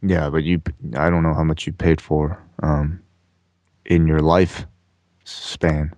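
A man's voice: a bass voice, flat delivery, takes it slowly, a little mellow, no echo. A man co-hosting a casual podcast, teasing his partner and hesitating with lots of ums. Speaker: podcast co-host.

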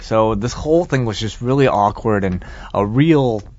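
A man's voice: on the low side, moderate pace, darkish tone, highs cut off. A man co-hosting a casual chat, recapping a film scene in a rambling, exasperated way. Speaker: podcast co-host reviewing a film.

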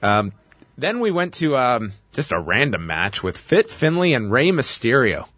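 Lively animated man recapping matches. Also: medium pitch, unhurried, no room sound. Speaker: podcast co-host recapping wrestling. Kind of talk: casual chat, play-by-play recap.

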